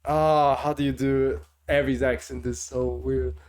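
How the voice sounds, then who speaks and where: A male streamer giving casual commentary during a live game stream, thinking out loud in a self-deprecating way. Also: medium pitch, flat delivery, unhurried.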